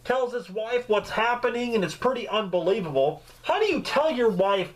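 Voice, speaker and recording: A man giving a casual, joking movie review, with swearing and lively storytelling. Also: high-pitched, normal speed, hardly any pauses, rough recording. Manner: profane, joking, animated storytelling.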